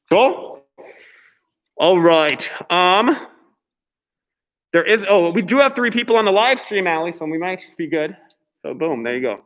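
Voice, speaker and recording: A man's voice: high voice, a bit bright, reverberant, poor audio. A man teaching a class, giving chatty, encouraging instructions with lots of fillers.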